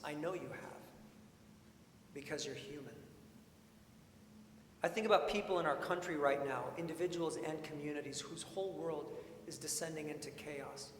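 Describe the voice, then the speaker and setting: A man preaching a sermon as pastor, earnest and measured, his phrase endings dropping quiet. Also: a little high, a little hiss or hum. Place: church. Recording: echoey church hall with long reverb.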